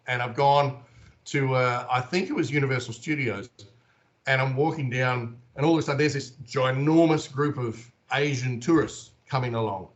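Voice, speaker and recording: Australian man in his forties, interview guest, animated storyteller, slightly muffled lo-fi sound. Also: medium pitch. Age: 40s. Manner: animated, acts out the voices in his stories.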